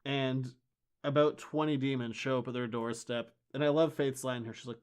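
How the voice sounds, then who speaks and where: A man co-hosting a podcast, chatting casually as he recaps comic book issues. He is wry and enthusiastic. His voice sits at an ordinary middle pitch. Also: steady tone, clear, resonant tone. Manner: enthusiastic, wry, acts out lines in quick bursts. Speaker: podcast co-host.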